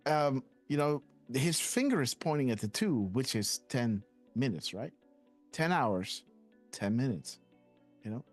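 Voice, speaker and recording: A man's voice: medium pitch, sing-song, measured pace, faint music behind. A man hosting a live decoding stream, rambling and hesitant, often tagging "guys, right?" onto his sentences. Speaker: host.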